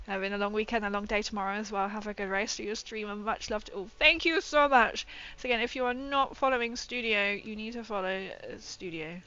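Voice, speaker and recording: A woman hosting a casual live stream while she paints miniatures, chatting excitedly and greeting her viewers. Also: fairly high pitch, fairly quick, faint music behind. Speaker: livestream host painting miniatures. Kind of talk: casual livestream chat.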